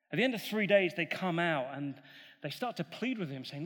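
A man preaching a sermon, retelling a story in an animated way and acting out the characters' voices. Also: sits high, normal speed. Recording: long hall reverb.

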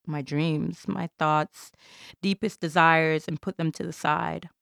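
A woman's voice: fairly low pitch, a little slow, vocal fry, no room sound, studio quality. A woman from Jamaica performing an intense, theatrical spoken-word monologue.

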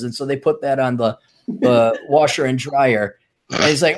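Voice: medium pitch, animated, moderate pace. Joking podcast host reading news aloud. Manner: joking, mocking, laughs often.

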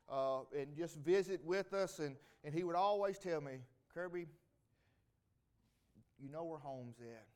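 A man's voice: sits high, a little mellow, smooth. A middle-aged man giving a rambling, folksy homecoming testimony to a church congregation. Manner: folksy, rambling, with many restarts. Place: church sanctuary.

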